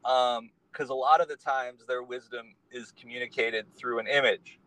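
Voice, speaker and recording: A man's voice: medium pitch, fairly even intonation, moderate pace, bright, forceful tone, low-quality recording. A man, a guest on a podcast, talking in a casual conversation and telling his story in an earnest, meandering way.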